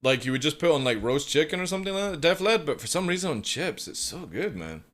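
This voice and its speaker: A man's voice: a little high, sing-song, quick pace, fairly bright tone. A young man chatting casually with his stream viewers, rambling and swearing freely as he reads chat aloud. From United Kingdom. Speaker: live streamer.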